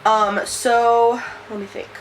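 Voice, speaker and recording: A woman's voice: on the high side, flat delivery, takes it slowly, faint music behind, low-quality recording. A young woman vlogging in a casual, rambling way, full of fillers and "like". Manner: chatty, rambling, many fillers and likes. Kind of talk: casual chat to camera.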